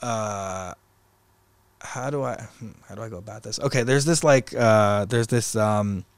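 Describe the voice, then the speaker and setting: A man's voice: fairly low pitch, a little slow, smooth, no echo. A young man guesting on a podcast, chatting casually in a rambling way, full of fillers and restarts. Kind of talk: casual conversation.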